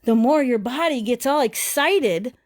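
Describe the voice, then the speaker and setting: A woman's voice: high-pitched, expressive, a little slow, a little hiss or hum. Woman in her fifties, self-healing teacher, earnest, repetitive, talks straight to her audience. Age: 50s. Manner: earnest, repeats herself, speaks straight to the audience. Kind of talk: live-stream talk to viewers.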